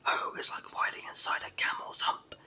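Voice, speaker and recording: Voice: normal speed, lightly acted. A reader whispering a tiny indignant brownie in whispered role-play. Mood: gloomy. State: sore throat and cold.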